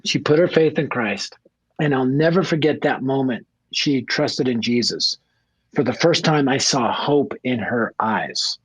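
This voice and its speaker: A man's voice: medium pitch, moderate pace, breathy edge, no room sound, rough recording. A man from Denver, a guest evangelist, telling his life story in a radio interview with blunt, earnest directness, acting out family dialogue. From Denver, Colorado.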